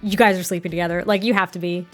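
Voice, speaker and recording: A woman's voice: lowish voice, fairly even intonation, very fast, soft background music, lightly acted. A woman voicing a nosy young woman friend who pries in a gossipy way. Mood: prying. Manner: prying, gossipy.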